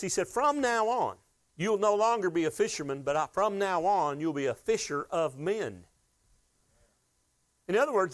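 High-voiced pastor preaching. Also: male voice. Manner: conversational preaching, rising to emphatic peaks and dropping to hushed asides. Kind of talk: sermon.

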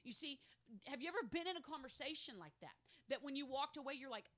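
Bright-voiced fervent woman preacher. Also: sits high, animated, brisk. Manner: fervent, checks in with "okay?" and "amen?"; builds from reflective to loud emphatic declarations. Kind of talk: sermon.

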